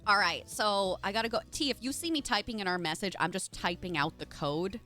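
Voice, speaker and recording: A woman's voice: medium pitch, brisk, sharp tone, soft background music. A young adult woman streaming live, chatting casually and greeting viewers by name in a bubbly way.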